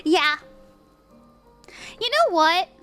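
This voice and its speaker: Over soft background music, a woman with an extremely high, sharp voice swings widely in pitch and draws out her words. She hosts a livestream of casual tarot readings, upbeat and chatty, laughing often and saying "like" and "you know" a lot.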